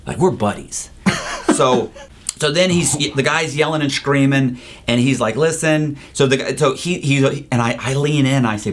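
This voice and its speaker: A man being interviewed, telling his story in a casual, animated way, acting out what others said and swearing freely. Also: medium pitch, moderate pace. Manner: animated, profane storytelling, acts out quoted voices, says "bro". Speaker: interview guest, former con man.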